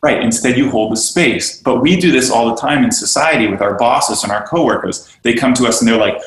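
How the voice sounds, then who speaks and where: Talking a little fast with hardly any pauses, a man with a mid-range voice is interviewed on a podcast as a yoga studio owner and teacher trainer. He discusses teaching and belonging with earnest animation, often imitating those he quotes, in an echoey room.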